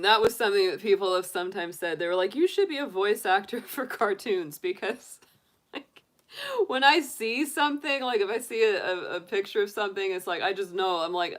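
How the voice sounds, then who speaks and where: A woman's voice: fairly low pitch, fairly bright tone. A woman tarot reader chatting casually and giggling with her livestream viewers. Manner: giggly, chatty, laughs often. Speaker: tarot reader, channel host.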